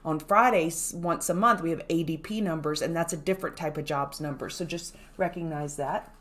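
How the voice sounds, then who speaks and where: A woman's voice: deep voice, moderate pace, a bit bright. A woman hosting a morning trading livestream, greeting viewers by name and explaining market moves in a casual, chatty way. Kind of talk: casual live-stream chat.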